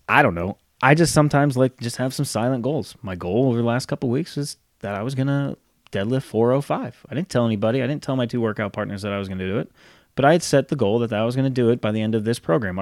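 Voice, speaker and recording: A man's voice: medium pitch, quick pace, darkish tone, no echo, clean studio sound. A man in his thirties talking casually about fitness goals, giving motivational tips and acting out what friends might say. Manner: conversational, acts out quoted friends.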